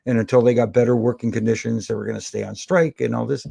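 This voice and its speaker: A middle-aged man, a former wrestling referee, telling lively anecdotes as a podcast guest and slipping into the voices of the people in them. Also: medium pitch, fast, creaky, breathy edge, no room sound. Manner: animated anecdotes with quoted voices. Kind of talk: storytelling in a podcast interview.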